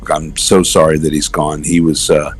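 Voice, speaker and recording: Deep-voiced man in easygoing interview. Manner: animated storyteller, slips into quick character voices. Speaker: voice actor guest. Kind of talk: casual interview chat.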